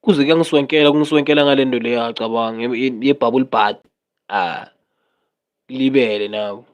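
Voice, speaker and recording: A man with a South African accent chatting casually on a livestream, rambling and animated, often switching between languages. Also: medium pitch, moderate pace.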